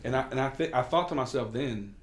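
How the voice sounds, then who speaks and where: A man's voice: medium pitch, quick pace, reverberant. A man serving as a state representative, from Kentucky, talking candidly in a casual sit-down conversation and telling stories. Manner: candid, storytelling, occasional cursing.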